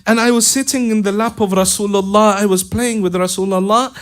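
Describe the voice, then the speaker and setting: A man's voice: sits high, steady tone, a little fast, natural voice. A man preacher voicing a grieving older woman pleading with her brother, tearful and rising to wailing cries. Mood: sorrowful.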